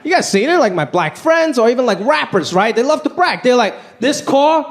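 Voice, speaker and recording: A man's voice: extremely high pitch, sing-song, a little fast, very noisy. A man doing a stand-up comedy set, wry and punchy. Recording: live stage with crowd laughter.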